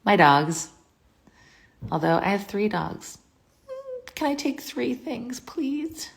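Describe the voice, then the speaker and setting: A woman's voice: medium pitch, expressive, slow pace, creaky. A woman hosting a casual livestream from home into a phone, chatty and scattered, reading viewer comments aloud and answering them.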